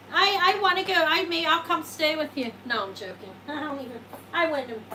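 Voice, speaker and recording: A woman's voice: sits high, moderate pace, background noise. A woman hosting a live jewelry sale, talking in a chatty, rambling way, answering viewers and joking at her own expense. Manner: self-deprecating, jokes and laughs. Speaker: host selling jewelry live. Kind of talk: casual live sales chat.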